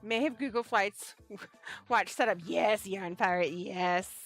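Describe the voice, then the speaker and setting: A woman from the Pacific Northwest hosting a casual livestream for a small yarn shop, animated, swearing freely and often restarting her sentences. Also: mid-range voice, slow, soft background music. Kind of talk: casual livestream chat with a staged phone-call skit.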